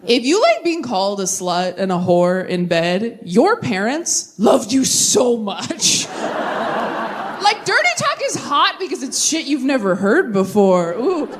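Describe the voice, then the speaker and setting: A young woman performing stand-up comedy on stage, wry and animated, jumping to high squeaks for emphasis. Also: unhurried, slight background noise. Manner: wry, animated delivery with sudden high-pitched bursts. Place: comedy stage before a live audience.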